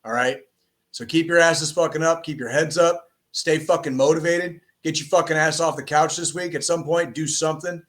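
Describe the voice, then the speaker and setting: A man's voice: fairly high pitch, fairly even intonation, moderate pace, fairly bright tone. Profane, emphatic male podcast host. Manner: profane, emphatic, repeats "okay?" and "all right?". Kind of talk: impassioned podcast monologue.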